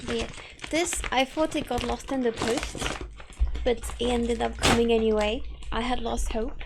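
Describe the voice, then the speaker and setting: A woman's voice: fairly high pitch, fairly even intonation, moderate pace, creaky, background noise. A woman streamer chatting casually and giggling as she reads chat aloud from her home setup.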